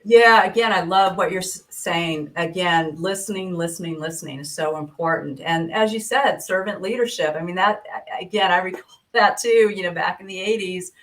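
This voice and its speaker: A woman talks in an easygoing interview. She warmly agrees with her conversation partner and reflects on what was just said. Her tone is thoughtful and supportive. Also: fairly low pitch, normal speed, far from the mic. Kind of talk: conversational interview about leadership.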